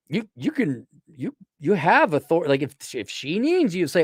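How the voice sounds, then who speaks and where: A man's voice: a little high, very animated, moderate pace, husky, dry recording, clean studio sound. A middle-aged man giving a blunt, profane, casual monologue answering listener questions, acting out quoted exchanges.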